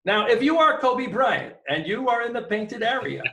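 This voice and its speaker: A man's voice: extremely high pitch, lively intonation, normal speed, sharp tone, echoey room, pitched above the performer's own voice, exaggerated voice. A man imitating an emphatic old basketball coach. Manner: emphatic, raised teaching tone. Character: older male basketball coach lecturing on a play.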